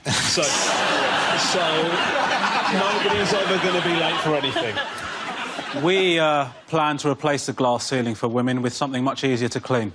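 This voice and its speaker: Brief: male comic, fairly high voice, ranting incredulous stand-up, heavy noise behind. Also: normal speed. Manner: ranting, incredulous, builds to shouts. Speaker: comedian. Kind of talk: stand-up routine on a panel show. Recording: loud background noise.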